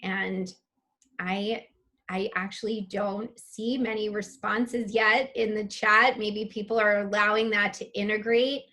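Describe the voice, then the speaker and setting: A woman's voice: mid-range voice, fairly even intonation, a little slow, bright, forceful tone. A woman presenting a live online spiritual masterclass, reading chat comments aloud and gushing over them with open emotion.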